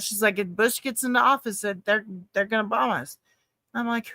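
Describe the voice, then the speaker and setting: A woman's voice: on the high side, sharp tone, no echo. A woman co-hosting a casual chat show, talking bluntly and swearing often. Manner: blunt, frequent swearing, quick asides. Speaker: co-host. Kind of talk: casual chat about current events.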